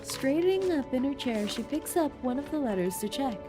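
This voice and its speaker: A woman's voice: high voice, animated, fairly quick, music in the background. A woman streamer chatting playfully and reading game text aloud during a gameplay stream. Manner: playful and giggly, jokes around.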